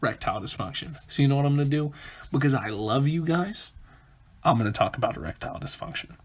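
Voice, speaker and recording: A man hosting a comedic solo podcast, with a husky, breathy voice at a middle pitch. He rambles from one joke to the next and keeps interrupting himself. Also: expressive, fast talker. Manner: rambling, self-interrupting, jokey. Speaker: podcast host.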